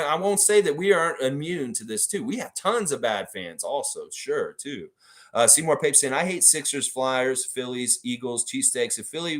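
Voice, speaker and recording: A man's voice: medium pitch, a bit bright. A man hosting a live stream, reading viewer comments and rambling through his thoughts with frequent restarts. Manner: rambling, thinking aloud with restarts. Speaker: livestream host reading chat. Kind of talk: casual live chat.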